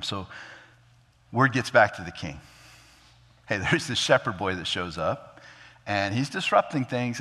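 A man preaching a sermon, animated, acting out the characters' lines with big jumps in pitch. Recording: long hall reverb.

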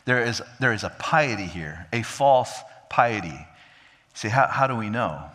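Bright-voiced preacher in a reverberant hall. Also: male voice, animated, measured pace. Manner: rises to emphatic peaks, then drops low and quiet; acts out quoted dialogue of God and king. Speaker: pastor. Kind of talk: expository sermon.

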